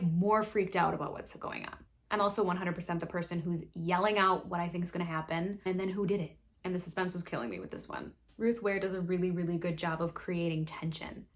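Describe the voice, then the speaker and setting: A woman hosting a casual book recap, chatty and sassy, full of quick asides. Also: mid-range voice. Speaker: book review host.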